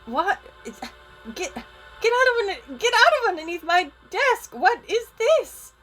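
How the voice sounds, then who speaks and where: A woman's voice: extremely high pitch, big pitch swings, unhurried, a bit bright, faint music behind, pitched above the performer's own voice, heavily acted, low-quality recording. A woman voicing a stern, flustered woman school principal who scolds indignantly.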